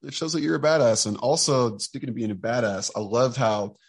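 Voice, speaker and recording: Host: mid-pitched man, friendly and jokey, casual chat. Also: fairly quick, slightly rough. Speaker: podcast host.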